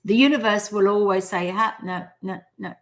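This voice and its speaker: An Australian woman in her 40s hosts a live stream, chatting casually about manifesting. Her voice sits at a medium pitch with a steady tone and normal pace, and she's a chatty storyteller who acts out the quotes she tells.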